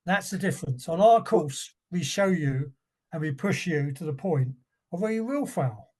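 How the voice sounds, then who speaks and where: Blunt self-defence instructor. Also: male voice, on the high side, animated, moderate pace, darkish tone. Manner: blunt, emphatic, repeats key points. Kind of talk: casual podcast conversation.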